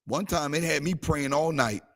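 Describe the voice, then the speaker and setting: A man's voice: a little high, moderate pace, fairly bright tone. A man preaching a sermon with passion, slipping into sung phrases. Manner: impassioned, call-and-response preaching with sung phrases. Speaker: pastor. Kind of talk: preaching to a livestream audience.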